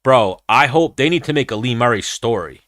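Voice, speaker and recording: Rambling, blunt and profane, a man hosts a casual combat-sports podcast. He sounds animated and a little fast, at medium pitch with a fairly bright tone, on a dry, clean studio recording.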